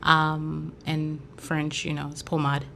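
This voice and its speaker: A Haitian woman who braids hair and hosts a podcast chats casually on her show, rambling loosely and using lots of fillers. Her voice is lowish, gravelly and steady, and she takes her time. There's a slight amount of background noise.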